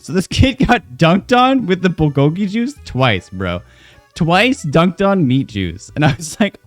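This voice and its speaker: A young man recounts an anecdote in loose, rambling storyteller fashion, swearing freely and getting animated. His voice sits at an ordinary middle pitch. Faint music plays underneath. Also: normal speed, no echo. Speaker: streamer. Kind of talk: casual storytelling.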